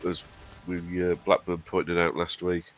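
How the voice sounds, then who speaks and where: This is a man with a very low, deep voice. He chats casually on a live game stream, dry and teasing with his co-host, and he sounds stuffy from a runny nose. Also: flat delivery, moderate pace, a little hiss or hum. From Hartlepool, England. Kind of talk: casual chat.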